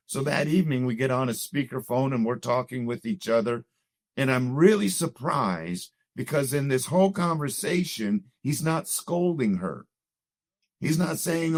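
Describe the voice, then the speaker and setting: A middle-aged man shares a personal testimony in a conversation, earnest and reflective, often pausing with "you know." His voice sits at an ordinary pitch and the recording is close and dry. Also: animated, no room sound. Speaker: guest telling his marriage story.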